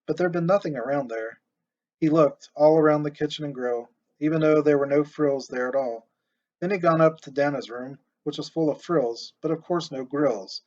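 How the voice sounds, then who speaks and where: A man narrating an audiobook in a steady, expressive storytelling voice. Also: fairly high pitch, moderate pace. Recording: muffled lo-fi recording.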